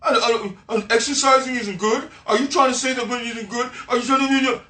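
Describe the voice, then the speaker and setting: A woman's voice: on the high side, fairly even intonation, fast, sharp tone, roomy sound, far from the mic, pitched above the performer's own voice. A man mimicking a fretful young woman who twists encouragement into accusations. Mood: defensive. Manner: defensive, twists words into accusations.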